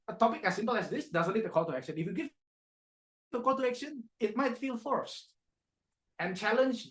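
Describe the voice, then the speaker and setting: Man with a high voice, a direct speech coach giving feedback over a video call and acting out his examples. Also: a bit bright. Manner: direct, demonstrative, acts out examples. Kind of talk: meeting feedback to speakers.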